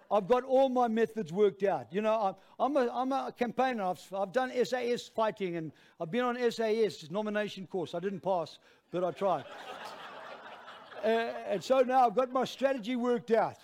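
A man with an Australian accent, a pastor telling a lively, self-mocking story as part of his sermon. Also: sits high, normal speed.

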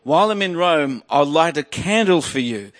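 A man's voice: fairly high pitch, lively intonation, normal speed, natural voice. A man telling a joke as a jovial old village priest. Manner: storytelling joke voice. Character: elderly male village priest, jovial and pushy.

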